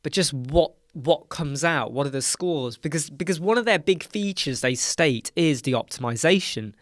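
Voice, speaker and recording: A man's voice: on the high side, animated, normal speed, no room sound, clean studio sound. A tired British man hosting a live Q&A stream, explaining things casually with rambling self-corrections. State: tired, yawning. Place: dark home studio with soundproof panels.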